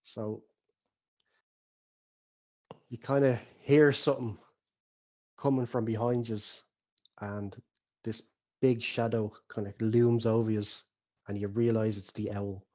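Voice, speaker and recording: A man's voice: lowish voice, slow, long pauses, dull audio. A man running a tabletop game as dungeon master, narrating loosely and chuckling as he goes. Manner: relaxed, chuckling storyteller, leans on "kinda".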